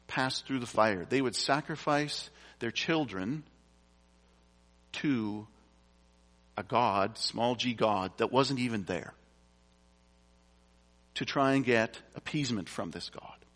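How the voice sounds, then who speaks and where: A man's voice: mid-range voice, slow pace, long pauses, fairly bright tone. Man preaching in a reverberant hall. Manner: conversational, with casual asides between verses. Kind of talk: sermon with scripture reading. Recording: long reverb from a large hall.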